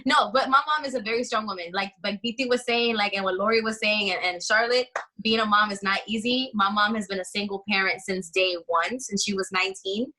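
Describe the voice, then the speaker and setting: A woman talking bluntly and briskly, with jokes, in a casual panel chat. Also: medium pitch, steady tone, sharp tone, low-quality recording.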